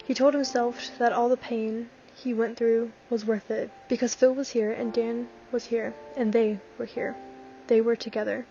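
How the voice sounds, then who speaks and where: A woman narrating a fanfiction story in a gentle, even reading. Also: fairly high pitch, normal speed, soft background music. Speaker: fanfiction reader. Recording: slightly dull lo-fi recording.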